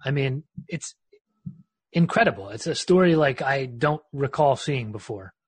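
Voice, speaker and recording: A man's voice: mid-range voice, expressive, measured pace, breathy edge, no room sound. A man hosting a casual sports podcast, talking in a discursive way with frequent restarts. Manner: discursive, lots of restarts and fillers. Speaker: podcast host.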